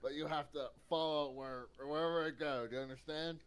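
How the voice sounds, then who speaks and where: A man's voice: a little high, steady tone, fairly quick, fairly bright tone, clean tone, close to an everyday voice. A man voicing a sly wolf in sheep's clothing who poses as a friendly stranger, reading comic dialogue aloud. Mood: coaxing.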